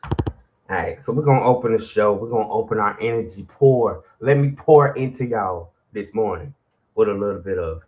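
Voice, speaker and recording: A man's voice: lowish voice, moderate pace, darkish tone. A middle-aged man, hosting a morning show with preachy, call-and-response motivational talk.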